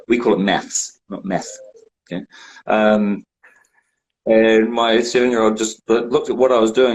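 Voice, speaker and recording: A man's voice: fairly low pitch, darkish tone, husky, rough recording. A man in his forties chatting casually and joking at his own expense on a video call from home. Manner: joking, self-mocking. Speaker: director hosting a watch party. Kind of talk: casual chat.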